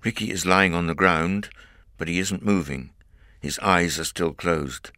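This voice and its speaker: Man, audiobook narration, low pitch, animated, dry close recording. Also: unhurried, no echo. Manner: clear, expressive reading.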